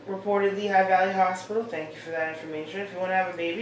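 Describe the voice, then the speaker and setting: Loud music plays behind a woman racing through her own show as she reads her mail, rambling chattily and thinking aloud. She speaks with a medium pitch and fairly even intonation. The audio comes from far off in an echoey room, carrying faint hiss.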